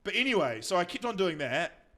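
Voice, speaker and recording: A man's voice: high voice, sing-song, a little fast, a bit bright. A young adult man with a New Zealand accent, a comedian guest telling rambling anecdotes on a casual podcast. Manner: rambling anecdotes with mocking quoted voices. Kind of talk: casual chat, storytelling.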